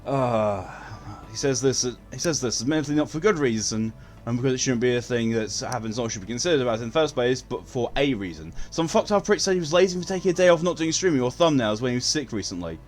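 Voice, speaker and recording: A fast-talking man with a medium-pitched, expressive voice streams a game and chats loosely with his viewers. He's blunt and swears freely.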